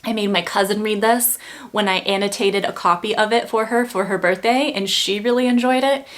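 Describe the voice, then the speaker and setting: A woman's voice: mid-range voice, fairly even intonation, a little fast, fairly bright tone. A young woman talking casually about her favorite books, chatty and full of fillers, getting emphatic when she feels strongly. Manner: chatty, lots of "like" fillers, gets heated and emphatic. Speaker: book reviewer. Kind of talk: casual chat.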